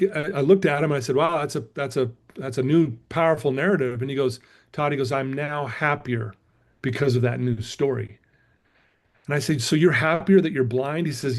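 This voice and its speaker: A man's voice: mid-range voice, a little mellow. Earnest middle-aged male motivational speaker. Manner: storytelling, earnest, repeats himself with fillers. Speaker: motivational speaker and recovery coach. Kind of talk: casual motivational talk.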